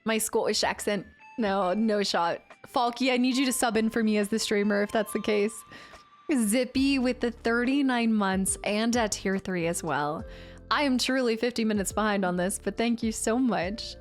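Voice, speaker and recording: A woman's voice: fairly high pitch, normal speed, faint music behind. A young woman streamer chatting casually with her viewers, reading comments and laughing often. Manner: chatty, laughs often, answers chat by name. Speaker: game streamer.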